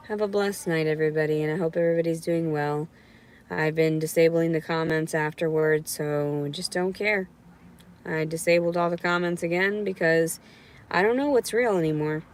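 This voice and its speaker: A woman's voice: low voice, fairly even intonation, moderate pace. A woman ranting alone to camera in a vlog, bitter and sarcastic, swearing a lot and sometimes slipping into a mocking sing-song voice. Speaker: vlogger. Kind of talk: unscripted solo vlog rant.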